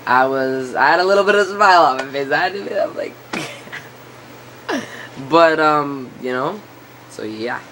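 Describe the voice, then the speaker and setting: A man's voice: fairly high pitch, lively intonation, unhurried, pauses often, pushed and bright, slight background noise. Rambling teenage boy with a breaking voice. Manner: rambling, lots of filler and restarts. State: voice breaking, cracks now and then. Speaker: vlogger. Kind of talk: casual storytelling to camera.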